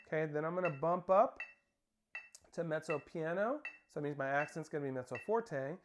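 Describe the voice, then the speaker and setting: A man's voice: a little high, moderate pace, soft background music. A man teaching a snare drum lesson, counting beats aloud and calling out stickings and start cues. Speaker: percussion instructor. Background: snare drumming.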